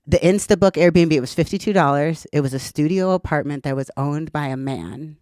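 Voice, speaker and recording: A woman in her thirties talks with a smooth, clear voice, chatty and candid, swearing now and then. The recording is dry and close, with no room sound. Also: sits low, fairly quick, darkish tone, dry recording. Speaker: podcast guest. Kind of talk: casual storytelling interview.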